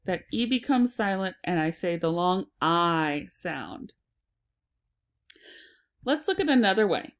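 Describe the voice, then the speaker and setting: Woman teacher, phonics lesson for kids, very slow deliberate pace, repeats each word. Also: fairly low pitch, expressive.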